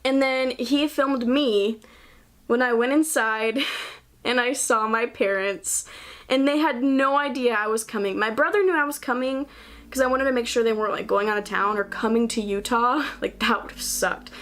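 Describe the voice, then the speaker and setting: Chatty young woman vlogger, higher voice. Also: moderate pace, a bit bright. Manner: chatty, breezy, laughs between phrases. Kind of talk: casual vlog storytelling to camera.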